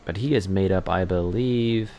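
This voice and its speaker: A man's voice: deep voice, normal speed, dark tone, slight background noise. A young man commentating an online racing league in a chatty, self-correcting way that picks up during on-track battles. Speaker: race commentator.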